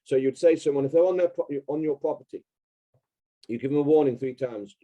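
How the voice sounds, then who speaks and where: A man's voice: a little high, fast, highs cut off. A man speaking as a podcast guest, emphatic and insistent, repeating his key points. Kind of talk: casual interview talk.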